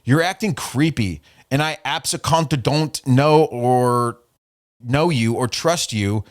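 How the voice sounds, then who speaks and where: A man hosting a podcast rants profanely and mockingly as he reads out an argument from his messages. He speaks slowly in a mid-range voice.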